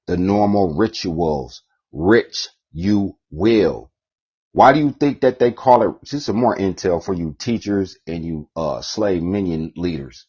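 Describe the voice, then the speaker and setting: A man giving a preachy, profane rant, repeating himself often, with a husky voice. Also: deep voice, unhurried, darkish tone, dull audio. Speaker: vlogger.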